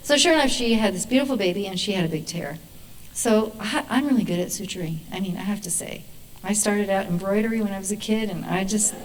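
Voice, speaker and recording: A woman who works as a midwife, telling lively stories to an audience in a hall and acting out the voices in them. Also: a little high, brisk, distant mic, slight background noise. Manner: animated, acts out voices in her stories, laughs. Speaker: midwife giving a talk. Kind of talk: storytelling presentation to an audience. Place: performing arts hall stage.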